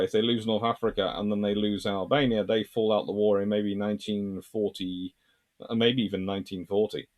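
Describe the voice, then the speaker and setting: A man hosting a history channel, reading viewer comments aloud and answering them in a rambling, thinking-aloud way. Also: lowish voice.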